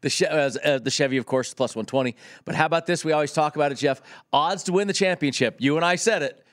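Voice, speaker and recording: Brief: talkative man with a West Coast American accent, slightly high voice, casual co-host. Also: quick pace, fairly bright tone. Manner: rambling, lots of restarts. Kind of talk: casual sports-betting chat.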